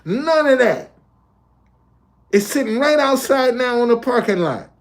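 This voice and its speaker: A man's voice: very high-pitched, expressive, unhurried. A man talking casually on a livestream from a hotel, looping back and repeating his points. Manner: repetitive, loose conversational, restates points. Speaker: live streamer.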